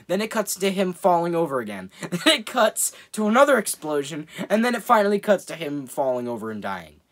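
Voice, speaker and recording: A man giving a casual, rambling movie review, amused, often laughing and swearing. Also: fairly high pitch.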